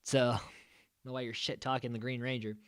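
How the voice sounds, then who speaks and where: A man's voice: mid-range voice, little pitch movement, moderate pace, a bit bright, clean tone, no room sound, clean studio sound. A man hosting a podcast, recapping an old episode in a rambling, sarcastic way full of "like" and "uh". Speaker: podcast host.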